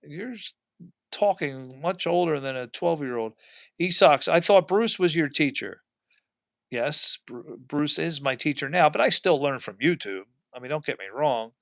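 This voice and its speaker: A man's voice: fairly high pitch, animated, a little slow, creaky, fairly bright tone, no echo, clean studio sound. A man hosting a casual live stream, chatting and reading viewer comments aloud in a rambling way. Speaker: livestream host.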